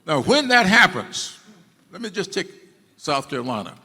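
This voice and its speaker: A man with a high, sing-song voice addresses an audience at a moderate pace, sounding pushed and bright. He hammers his points by repeating key phrases, and the hall's long reverb lingers.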